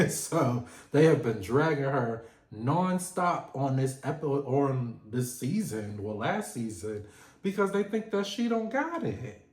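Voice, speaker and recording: A man's voice: mid-range voice, big pitch swings, takes it slowly, darkish tone. A man giving a sassy, playful recap of a reality show in a casual vlog. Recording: echoey room.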